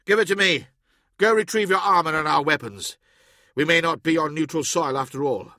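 Man voicing a stern warrior, commanding, clipped, forceful, bright. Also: fairly high pitch, moderate pace, dry recording, clean studio sound. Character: stern armored male warrior, proud and angry. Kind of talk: audiobook character voice.

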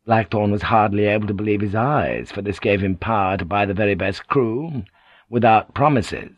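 A man narrating a novel in an even, measured storytelling voice. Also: fairly low pitch, no room sound. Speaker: audiobook narrator.

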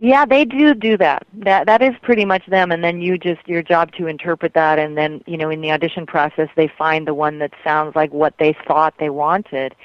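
A woman's voice: lowish voice, clear, resonant tone, no room sound. A middle-aged woman from Colorado, a voice actress talking casually in an interview, thinking aloud and restarting her phrases. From Colorado, USA. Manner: thoughtful, trails off and restarts. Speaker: voice actress guest. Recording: dull lo-fi sound.

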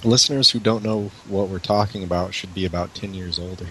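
A man's voice: low-pitched, fairly even intonation, a little fast, pushed and bright, slight background noise, low-quality recording. A man co-hosting a casual call-in show with dry, sardonic remarks. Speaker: co-host.

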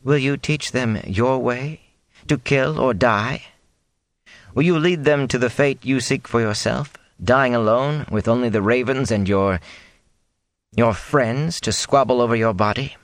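A man reading aloud, voicing a calm middle-aged woman who speaks with measured reproach in a storybook. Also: medium pitch, dry recording, voice pushed up, lightly acted. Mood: reproachful.

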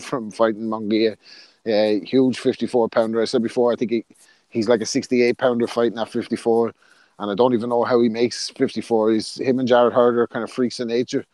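An Irish-born man co-hosts a podcast in relaxed chat with many fillers. His voice sits mid-range, recorded dry and close. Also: mid-range voice, a little fast, dry recording. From Ireland. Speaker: podcast co-host. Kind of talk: casual sports chat.

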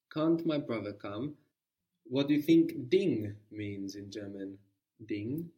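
A man's voice: medium pitch, lively intonation, takes it slowly, mellow, far from the mic. A man teaching a guided language lesson, patiently prompting his student with questions.

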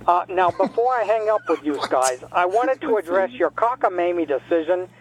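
Male actor as a cranky retired caller, high-voiced, sarcastic and insulting, comedy call-in. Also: lively intonation, moderate pace, low-quality recording. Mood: grumbling. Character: grumpy retired older man from New Jersey, cranky caller.

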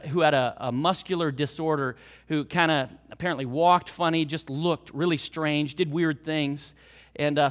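A middle-aged male pastor with an American Midwest accent, preaching an animated sermon that swings between soft and loud. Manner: animated preaching with big swings in loudness and pitch.

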